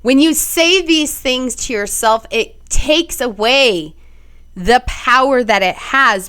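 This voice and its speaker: A woman's voice: fairly high pitch, fairly bright tone. A young woman hosting a solo podcast, speaking bluntly and expressively, swearing freely and acting out inner voices. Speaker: podcast host. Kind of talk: casual solo podcast monologue.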